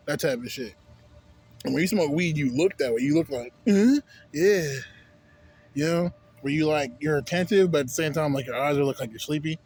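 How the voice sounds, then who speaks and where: This is a casual, rambling vlog monologue from a young adult man who swears nonstop and keeps asking "you know what I'm saying." His voice is medium in pitch, and there's a little hiss or hum.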